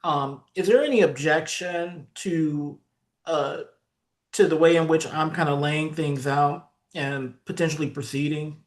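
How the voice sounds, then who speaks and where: A man leads a committee discussion, picking his words slowly with frequent pauses. His voice sits a little high, and he slips in dry humor. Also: steady tone. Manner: measured, hesitant, with dry humor. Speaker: committee chair. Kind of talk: meeting discussion.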